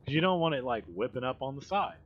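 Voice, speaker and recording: A man's voice: mid-range voice, very animated, quick pace, highs cut off. A man hosting a livestream, telling stories in a rambling, profane, casual way with laughing asides. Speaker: livestream host. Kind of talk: casual storytelling chat.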